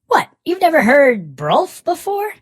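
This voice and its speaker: Guy doing a teasing breathy old witch, slow and sing-songy, dry close sound. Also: extremely high pitch, huge pitch swings, no room sound, voice pushed up, full character voice. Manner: teasing, rhymes everything, breathy half-whisper. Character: sly old rhyming witch woman. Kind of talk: storybook voice acting.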